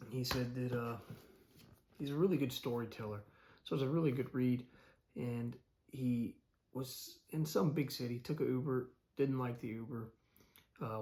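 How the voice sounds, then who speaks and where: A young adult man with a mid-range, darkish voice tells a story for a casual daily vlog. He rambles loosely, with many fillers and restarts.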